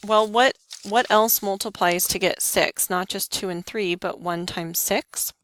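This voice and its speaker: A woman teaching a math lesson, talking students through each step with quick questions to the class. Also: medium pitch, steady tone, a bit bright, no room sound. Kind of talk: lesson walkthrough.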